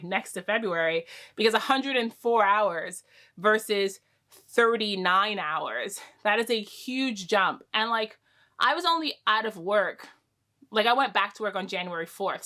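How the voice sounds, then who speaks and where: Woman, young adult, knitting podcast host, casual chat, rambling, bright voice, middle pitch. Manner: chatty, rambling with many fillers and restarts.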